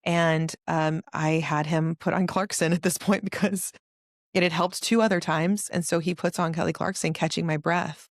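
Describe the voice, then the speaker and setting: A woman hosting a casual spiritual podcast, telling stories with lively acted-out quotes. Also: lowish voice, moderate pace, dry recording, clean studio sound. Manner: animated storyteller, acts out quotes. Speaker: podcast host.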